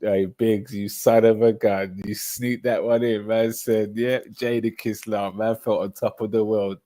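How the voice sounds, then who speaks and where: A man with a London accent hosting a casual football livestream, talking in an animated way, laughing often and reading out chat. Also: fairly low pitch, a little slow. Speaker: streamer.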